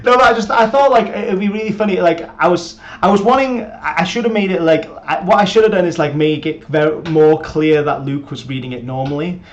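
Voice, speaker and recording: A man's voice: on the high side, fairly quick, hardly any pauses. A man co-hosting a podcast, chatting casually and rambling with lots of fillers and restarts. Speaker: podcast co-host and episode writer. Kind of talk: casual chat. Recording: muffled lo-fi audio, faint background noise.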